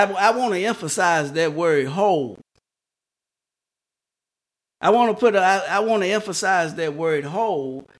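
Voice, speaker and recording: A man preaching a sermon, slow and repetitive, restarting words for emphasis. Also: high voice.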